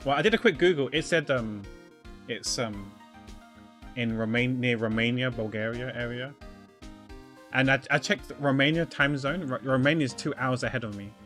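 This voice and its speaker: A man's voice: medium pitch, normal speed, fairly bright tone. Man rambling through a game stream. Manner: rambling, thinking aloud. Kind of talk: casual let's-play commentary. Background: faint game music.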